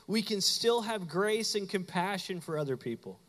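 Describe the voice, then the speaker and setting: A high-pitched man preaches a sermon to his congregation. He talks in a playful, conversational way, acting out quick asides. His voice rings with the long reverb of a church sanctuary. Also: expressive, a bit bright. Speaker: pastor. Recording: hall reverb.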